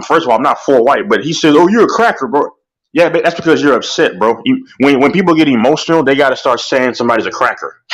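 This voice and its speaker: An animated young man talks sports in a loose, heated chat, constantly dropping "bro". His voice sits at an ordinary pitch and he sounds naturally loud. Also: rough recording. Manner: animated, repeats "bro" often.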